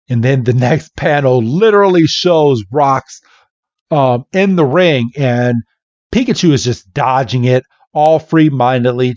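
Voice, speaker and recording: Slow-paced man retelling a comic. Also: mid-range voice, no echo, lo-fi sound. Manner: animated, playful storytelling. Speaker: podcast host. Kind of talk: casual comic recap narration.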